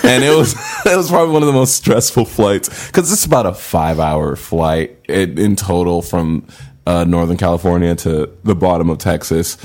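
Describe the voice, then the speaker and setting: A man's voice: sits low, moderate pace, a little mellow. A young man telling a funny story in casual podcast chat, laughing often and acting out his own reactions. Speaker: podcast guest, comedian.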